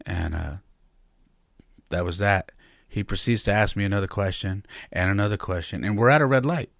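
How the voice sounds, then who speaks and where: A man's voice: fairly low pitch, moderate pace, creaky, fairly bright tone, no room sound, clean studio sound. A man in his thirties, a podcast host, candidly telling a personal story in a reflective, heartfelt way.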